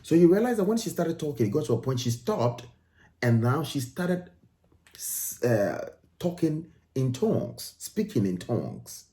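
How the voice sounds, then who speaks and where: A man's voice: fairly high pitch, sing-song, a little slow, warm tone. A man from Ghana, giving emphatic commentary on video clips and repeating phrases for stress.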